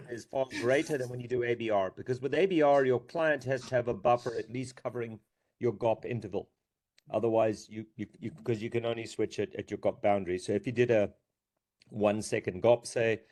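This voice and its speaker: A man's voice: mid-range voice, darkish tone. A man explaining technical points step by step on a video call, sometimes repeating words as he starts. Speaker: meeting participant. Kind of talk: technical discussion.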